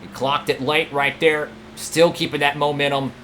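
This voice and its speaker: A young man commentating his own racing game run, excitable and talking at the other drivers. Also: on the high side, moderate pace, slight background noise. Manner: excitable, talks to rival drivers, frequent outbursts. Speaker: gaming channel host.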